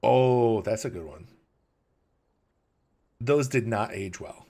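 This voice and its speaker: A man's voice: lowish voice, takes it slowly, mellow. A man hosting a livestream, rambling casually, chuckling and reading chat questions aloud, tired in the early morning. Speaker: livestream host.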